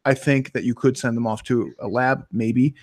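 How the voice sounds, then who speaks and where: A man from Chicago co-hosting a casual webinar chat, telling stories in a rambling, profane, animated way. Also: mid-range voice, normal speed. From Chicago, USA. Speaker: co-host.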